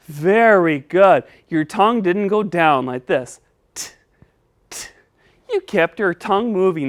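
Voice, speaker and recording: A woman's voice: fairly low pitch, animated, a little slow. A woman teaching a children's speech lesson, patient and encouraging, coaching step by step.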